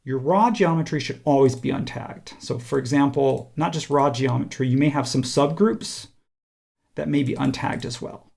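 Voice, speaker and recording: A man teaching a software tutorial, talking casually and thinking aloud while he clicks through steps. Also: medium pitch, moderate pace, gravelly. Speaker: instructor. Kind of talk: screen-recorded software tutorial.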